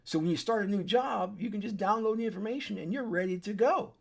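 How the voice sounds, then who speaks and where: A high-pitched, gravelly man talks quickly. He's an online commentator giving an urgent, preachy warning monologue alone to his desk webcam, with repeated points and restarted sentences.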